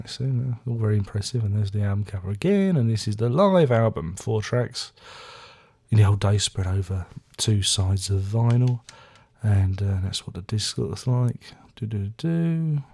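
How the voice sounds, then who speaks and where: A man's voice: on the low side, dark tone. A man casually reviewing his record collection, rambling with dry self-mocking jokes. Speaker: album reviewer. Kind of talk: casual chat.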